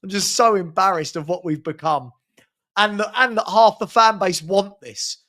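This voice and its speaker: A man's voice: high-pitched, moderate pace, fairly bright tone. A man from hosting a live fan watchalong, calling a match with sarcastic exasperation and rueful laughter.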